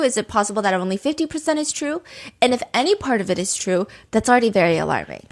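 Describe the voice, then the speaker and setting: A woman hosting a true crime podcast, chatting casually and animatedly, piling up speculative rhetorical questions. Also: on the high side. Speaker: podcast host.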